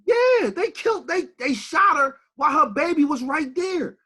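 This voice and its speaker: Animated, profane man on a podcast. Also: extremely high pitch, normal speed. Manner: animated, profane, rises to shouts when angry. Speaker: podcast co-host. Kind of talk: heated casual podcast talk.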